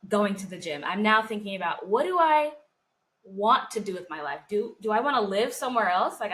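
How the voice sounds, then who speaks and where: In a casual podcast chat, a woman co-hosting the show reflects sincerely on her faith and sounds close to crying. The poor-quality audio carries her mid-range voice, which has a fairly bright tone.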